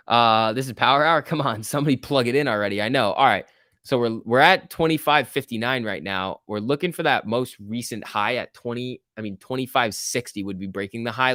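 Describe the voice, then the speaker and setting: A young man with a lowish voice hosts a casual stock-market live stream, chatting through viewer comments and urging the price on. The sound is dry and close, with no room around it. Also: fairly bright tone, no room sound. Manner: chatty, reacts to chat and price moves, cheering the chart on. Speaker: stock market livestream host.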